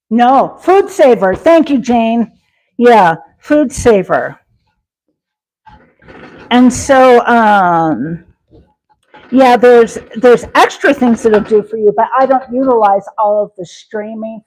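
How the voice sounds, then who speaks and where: A woman's voice: mid-range voice, rough recording. A woman hosting a cooking livestream, chatting casually and answering viewer comments with folksy sayings and many fillers. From Wyoming. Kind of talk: casual live-stream chat while cooking.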